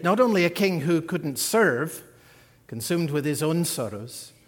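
A man preaching a sermon, earnest, rising to emphatic peaks and then dropping soft, heard in a large church hall. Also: a little high. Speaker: pastor. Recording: long hall reverb.

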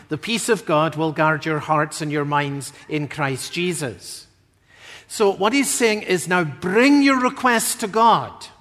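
A man delivers a sermon in a high voice, taking his time over each phrase. His delivery is measured, lifting into emphatic peaks now and then. The sound carries the long reverb of a large hall. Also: a bit bright. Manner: slow, measured preaching with emphatic rises. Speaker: preacher.

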